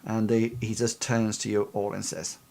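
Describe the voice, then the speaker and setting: A man's voice: lowish voice, little pitch movement, moderate pace, vocal fry, dark tone. Rambling male game master. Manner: rambling with many fillers and restarts. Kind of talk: narrating a tabletop game on a stream.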